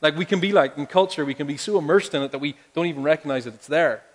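A man's voice: on the high side, fast. A male pastor preaching a sermon, talking conversationally and building to emphatic appeals. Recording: long hall reverb.

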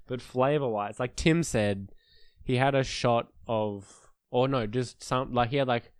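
A young man co-hosting a podcast, telling drinking stories in a casual, animated way, laughing and acting out his friends' lines. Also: medium pitch, measured pace, clear, resonant tone, no room sound. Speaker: podcast co-host. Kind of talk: casual storytelling chat.

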